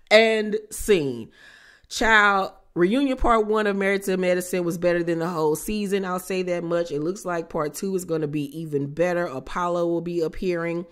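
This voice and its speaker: A woman's voice: on the low side, fairly even intonation, moderate pace. A woman reviewing a reality TV show on her own channel, talking casually in a sassy, slangy way with playful asides. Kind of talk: casual chat.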